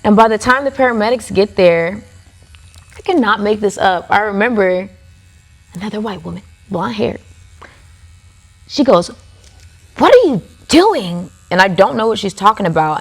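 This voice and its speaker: A mid-range female voice with vocal fry belongs to a podcast guest on a tattoo studio set. She tells her story casually and chattily, filling it with frequent "like"s.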